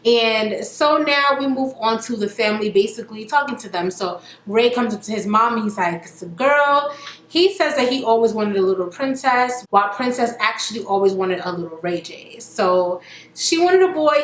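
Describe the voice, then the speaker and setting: A woman's voice: a little high, lively intonation, normal speed, echoey room, slight background noise. A woman casually recapping a reality TV episode, chatting and quoting the cast as she goes. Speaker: reality TV reviewer.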